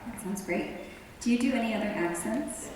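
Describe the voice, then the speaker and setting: A woman's voice: on the high side, brisk, darkish tone. A woman moderating a fan panel, asking friendly, playful questions. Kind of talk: hosting a fan Q&A. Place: large convention hall. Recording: echoey hall from far off, noisy.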